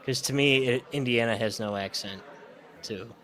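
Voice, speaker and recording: A man from Ohio with a flat Midwestern accent trades opinions in loose podcast chat. He talks bluntly, swears casually and hedges with fillers. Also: medium pitch, moderate pace.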